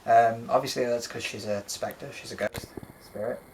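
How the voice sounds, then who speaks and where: At home, a doll collector and co-host casually shows off his collection, rambling with lots of ums and frequent swearing. His mid-range voice is fairly even and darkish at a moderate pace, on a low-quality recording with slight background noise.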